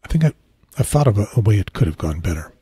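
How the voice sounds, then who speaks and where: Husky low-voiced man, quiet rambling talk. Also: very animated, fast talker, dry recording. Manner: rambling, self-correcting, quiet. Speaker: podcast host. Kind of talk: casual solo podcast talk. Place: outdoors on a beach trip.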